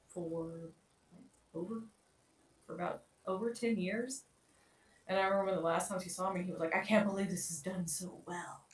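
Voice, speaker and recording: A woman's voice: mid-range voice, far from the mic. A woman co-hosting a podcast, telling a casual story full of fillers and quoted dialogue. She sits back from the microphone. The room around her sounds roomy and echoey. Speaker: podcast co-host.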